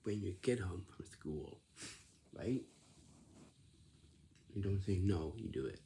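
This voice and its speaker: A man's voice: low-pitched, slow pace, creaky, warm tone, a little hiss or hum. A man giving a repetitive, lecturing instructional talk, often checking in with "right?".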